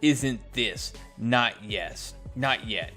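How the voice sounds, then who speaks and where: A man reading out the lines of a proud, commanding male sorcerer-king in a flat, declarative way, close to his own voice. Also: mid-range voice, very slow, soft background music. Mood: stern.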